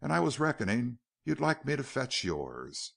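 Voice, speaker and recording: A man's voice: mid-range voice, very animated, moderate pace, creaky, fairly bright tone, full character voice. A male narrator voicing a friendly, folksy outlaw who cooks for the gang in an audiobook.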